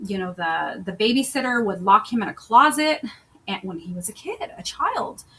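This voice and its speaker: A self-love coach and podcast host delivers a personal monologue on relationships in a mid-range, bright, forceful voice. She's earnest and conversational, retelling stories in other people's voices. The recording is rough, with slight background noise.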